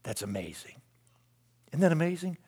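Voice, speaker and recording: A man preaching a sermon in a conversational way, asking rhetorical questions and moving between loud emphasis and hushed asides. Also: fairly high pitch, big pitch swings, normal speed, slightly rough. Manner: conversational with rhetorical questions and self-deprecating laughs. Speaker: pastor.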